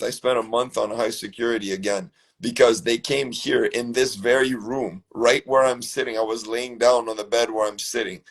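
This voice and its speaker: Man, husky voice, lowish pitch, rambling profane storyteller, casual chat from his room. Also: fairly bright tone. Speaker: show host.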